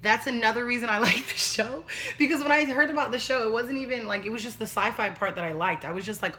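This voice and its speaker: Young woman, casual livestream vlogger, blunt and chatty, sharp bright voice, faint room noise. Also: fairly high pitch, lively intonation, brisk. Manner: chatty, blunt, swears freely.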